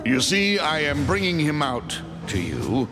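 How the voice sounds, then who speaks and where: A storyteller putting on a stern Roman governor, pitched up and pressing, his questions rising. A live jazz band plays loudly behind him. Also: wildly swooping pitch, a little slow, over loud music.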